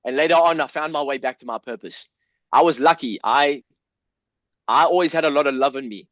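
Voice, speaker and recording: A man's voice: a little high, fairly quick, a bit bright, no echo. Earnest South African man, dull dry sound. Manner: earnest, emotional, swears, frequent restarts. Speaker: podcast guest. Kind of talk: candid personal storytelling.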